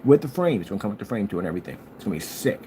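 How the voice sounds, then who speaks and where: Animated rambling man with a mellow voice. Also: very fast, a little hiss or hum. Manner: animated storyteller, jumps high for quoted lines; scolding, talks straight to a critic. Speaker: channel host. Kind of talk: casual rambling monologue.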